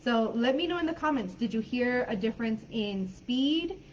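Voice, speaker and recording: A woman's voice: a little high, lively intonation, moderate pace, dull audio, slight background noise. Hesitant American woman teaching online. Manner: thinking aloud, tentative and hesitant. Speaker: English teacher. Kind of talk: live online class.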